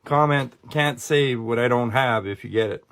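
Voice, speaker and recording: A man's voice: mid-range voice, normal speed, fairly bright tone, slight background noise. A man delivers frustrated, emphatic scripted commentary.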